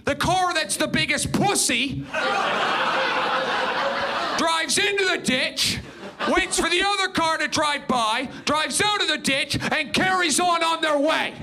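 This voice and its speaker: Slow gravelly comic building to shouts. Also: male voice, extremely high pitch, slight background noise. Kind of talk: stand-up comedy.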